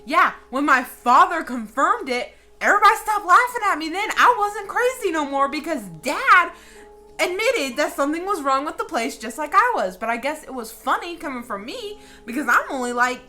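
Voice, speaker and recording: Bright-voiced, profane woman telling a story. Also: high voice, normal speed, soft background music. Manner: animated, profane, dramatic storyteller. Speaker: vlogger. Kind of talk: casual storytelling.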